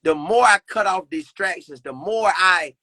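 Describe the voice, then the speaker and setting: Appearing as a podcast guest, a young man discusses faith earnestly and casually, echoing his own phrases in a preacherly way. His voice is high-pitched and sharp, his pace moderate, and the recording dry.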